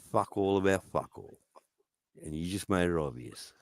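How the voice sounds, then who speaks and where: A man's voice: deep voice, animated, moderate pace, no echo. A man in a profane, taunting rant, firing goading questions at someone. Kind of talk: angry rant.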